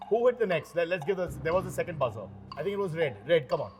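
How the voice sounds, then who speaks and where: Man, high voice, quiz show host, playful jokes, soft music underneath. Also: expressive, fast talker. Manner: joking, teasing asides between questions. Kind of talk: game show hosting. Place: TV studio.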